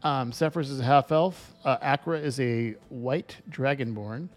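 A man narrating as game master, halting and full of fillers. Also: medium pitch, faint music behind. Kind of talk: narrating and voicing a tabletop game.

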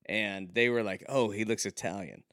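A man with a lowish voice in a dry, close recording, telling personal stories in casual chat. He chuckles his way through the funny parts. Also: moderate pace, a bit bright, dry recording. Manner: laughs through his own anecdotes.

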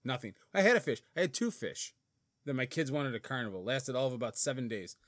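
Middle-aged male podcast co-host, bright tone, dry close mic, self-mocking and giggly. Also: medium pitch, big pitch swings, fairly quick, no echo. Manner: laughs often, self-deprecating. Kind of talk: casual banter.

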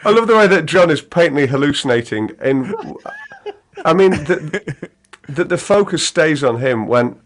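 A man's voice: on the high side, animated, normal speed. Profane Liverpool man riffing. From Liverpool, England. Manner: profane, riffing, slips into comic voices. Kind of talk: casual comedic chat. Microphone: video call.

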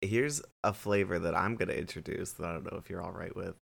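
A man's voice: low voice, fast, gravelly, fairly bright tone. A man playing a tabletop game, explaining his ideas in loose, rambling phrases. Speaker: player.

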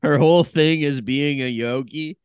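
A man's voice: a little high, fairly even intonation, moderate pace, smooth, no room sound, studio quality. A man co-hosting a podcast, giving blunt, dismissive opinions about reality show contestants in casual chat over a video call. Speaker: podcast co-host.

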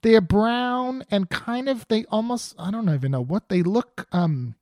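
A woman's voice: mid-range voice, measured pace, dark tone, dry recording, studio quality. A woman hosting a podcast, chatting playfully and exclaiming as she tastes food. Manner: playful, exclaims while tasting. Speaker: podcast host. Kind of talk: casual chat, tasting food on a podcast. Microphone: podcast mic, guest on video call.

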